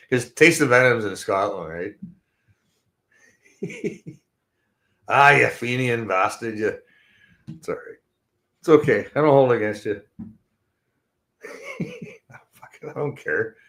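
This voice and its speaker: A Canadian man hosting a podcast, high and rambling in casual, profane chat with frequent laughs. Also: huge pitch swings, slow, pauses often, a bit bright.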